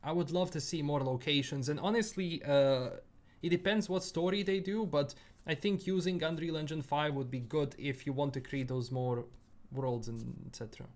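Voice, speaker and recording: Young male gaming streamer, from Bosnia, accent a blend of British and American with a Bosnian edge; loose, rambling chat to viewers, voice sits a bit high. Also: normal speed. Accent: Bosnian-tinged English mixed with British and American sounds. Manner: easygoing, rambling, many fillers and repeats. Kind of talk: casual livestream chat answering viewers.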